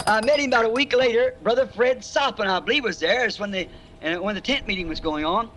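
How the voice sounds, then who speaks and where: A man's voice: high voice, fast, noisy background. A man preacher telling a rambling, chuckling anecdote in a folksy sermon, on a 1964 recording.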